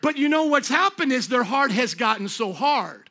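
A man's voice: very high voice, very animated, normal speed, pushed and bright. A man preaching a sermon at a church service, talking in an emphatic, conversational way and throwing rhetorical questions at the congregation. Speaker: pastor.

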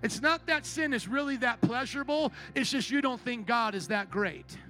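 A male pastor with a notably high voice delivers a sermon. He is emphatic and rhetorical and keeps pressing the congregation to answer back. Soft music plays faintly behind him. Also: moderate pace. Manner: emphatic, rhetorical, call-and-response preaching.

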